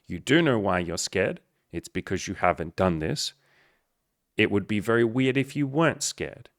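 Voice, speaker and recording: A man's voice: fairly low pitch, animated, normal speed, no echo, studio quality. A man who coaches on dating, talking bluntly and emphatically with lots of swearing as he answers a viewer.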